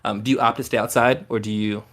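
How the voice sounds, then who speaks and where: A man's voice: on the low side, flat delivery, quick pace, a bit bright. A man running a tabletop game as game master, painting scenes in loose, rambling narration full of "like" and "um".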